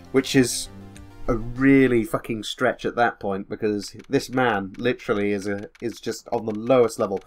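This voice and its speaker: A man giving sardonic, rambling let's-play commentary with frequent swearing. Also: medium pitch. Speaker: game commentator.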